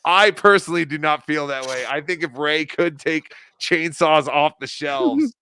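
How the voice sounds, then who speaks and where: A man's voice: fairly high pitch, animated, a little slow, bright, forceful tone, a little hiss or hum. A man hosting a casual live show, talking over clips in a mocking, joking way. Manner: mocking, puts on silly voices for laughs. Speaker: host.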